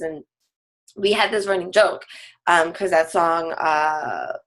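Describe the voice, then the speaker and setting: Guesting on a team call, a woman fitness coach speaks in a medium-pitched, fairly bright voice. Her talk is relaxed and chatty, sprinkled with frequent laughs and plenty of "like" fillers.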